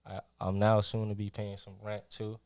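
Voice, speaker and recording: Gravelly laid-back young man. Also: on the low side, completely flat delivery, moderate pace, a little mellow. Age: young adult. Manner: laid-back, short replies. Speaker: son and guest interviewer. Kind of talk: casual interview chat.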